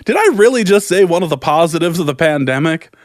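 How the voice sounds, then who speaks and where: A man's voice: a little high, expressive, fast talker, no echo, clean studio sound. A man co-hosting a podcast, chatting casually and joking, laughing often and slipping into goofy put-on voices. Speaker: podcast co-host. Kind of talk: casual comedic chat.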